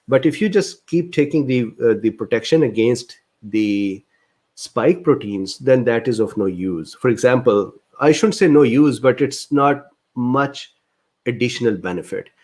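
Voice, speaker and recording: A man hosting a livestreamed medical Q&A, reading viewer questions aloud and answering them. His voice sits at a medium pitch, and an indignant, exasperated edge runs through his explanations. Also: animated, a little slow, darkish tone. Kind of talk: livestreamed Q&A lecture.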